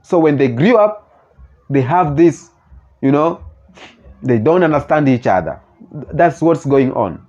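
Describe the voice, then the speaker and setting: A man with a Kenyan accent hosting his own channel, talking earnestly in halting phrases and often restarting mid-sentence as he reacts to comments. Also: on the high side, animated, darkish tone. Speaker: channel host. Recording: slightly muffled lo-fi recording.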